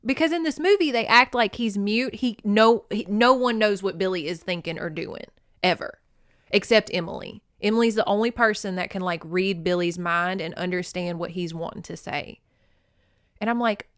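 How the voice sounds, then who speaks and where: A woman hosting a podcast, recapping a movie in an animated, emotional, casual way with some swearing. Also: medium pitch, moderate pace, dry recording, clean studio sound. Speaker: podcast host.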